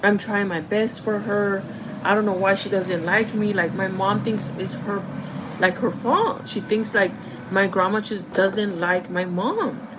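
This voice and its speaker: A woman's voice: medium pitch, fairly even intonation, a little slow, background noise. A young woman vlogger telling a family story in casual chat, rambling with many fillers and often calling her viewers "guys".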